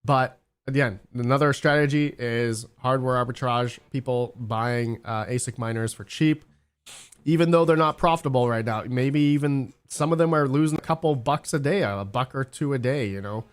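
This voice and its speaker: A man's voice: mid-range voice, moderate pace, clear, resonant tone. A man casually chatting on a livestream about crypto mining, rambling and searching for words, with frequent fillers and answers to chat messages. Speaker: crypto mining channel host.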